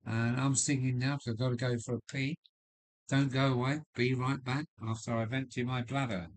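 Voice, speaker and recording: A man with a deep voice hosting a casual live stream from his loft, rambling with many fillers and restarts while chatting with viewers. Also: level tone, normal speed. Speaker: livestream host. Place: home loft.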